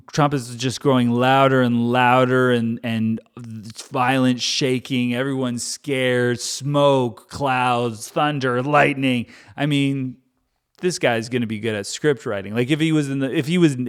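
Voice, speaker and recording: A man's voice: mid-range voice, a little slow, clean tone. A man reading scripture aloud and breaking off into wry, chatty, joking commentary. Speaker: Bible reader and commentator.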